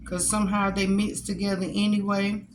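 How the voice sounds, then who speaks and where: A woman chatting casually with her viewers from home as a cooking vlogger, addressing them directly and warmly as a group. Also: mid-range voice, flat delivery, normal speed, echoey room, a little hiss or hum, rough recording. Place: at home while eating a meal.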